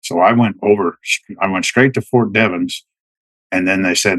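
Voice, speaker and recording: Low-voiced middle-aged man telling war stories. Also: fairly even intonation, normal speed, fairly bright tone, dry recording, poor audio. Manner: rambling, many restarts and fillers. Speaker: podcast guest, military veteran. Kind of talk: casual storytelling.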